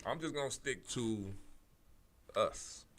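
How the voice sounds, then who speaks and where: A man's voice: medium pitch, lively intonation, slow, slight background noise. Fired-up man ranting on politics. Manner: fired-up, preachy, repeats points, many restarts and fillers; swears casually, talks straight to the audience. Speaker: show host. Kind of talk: political commentary monologue.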